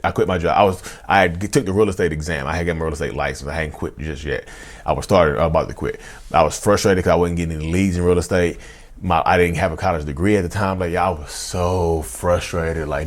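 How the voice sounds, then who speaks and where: A man in his thirties with a very deep voice, rattling off his life story at a quick clip. He speaks straight to the viewers, leaning on "y'all" and "you know." When he reenacts past arguments, his voice jumps up high and loud. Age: 30s. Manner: animated, acts out past outbursts in a loud high voice. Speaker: vlogger. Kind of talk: confessional storytelling.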